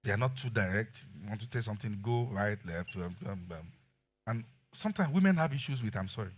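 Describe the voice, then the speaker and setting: A middle-aged man with a Nigerian accent preaching a sermon as pastor, telling animated stories and acting out quotes. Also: on the low side, brisk, slight background noise. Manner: animated storytelling with acted quotes and laughter.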